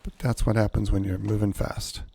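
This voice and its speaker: Gravelly-voiced male game streamer. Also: fairly low pitch, little pitch movement, fairly quick, warm tone, dry recording. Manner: rambling, self-correcting explanations; mutters under his breath while playing. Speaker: streamer playing a pirate game. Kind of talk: casual live gameplay commentary.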